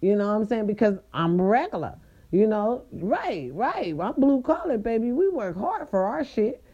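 A woman hosting a podcast, telling a story in a casual, sassy way and swooping her voice up high for emphasis. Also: very animated, moderate pace, dark tone, husky, muffled recording. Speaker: podcast host.

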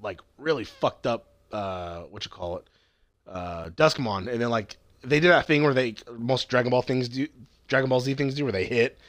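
A man in his thirties, co-hosting a podcast, recapping an episode in casual, animated chat and swearing freely. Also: mid-range voice, normal speed, no room sound. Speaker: podcast co-host.

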